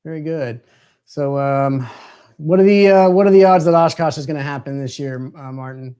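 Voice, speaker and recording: A man with a fairly high voice hosts a casual live stream over a video call. He jokes with his guests and laughs often. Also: normal speed, dark tone, clear, resonant tone. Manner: friendly, joking, laughs often. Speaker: livestream host.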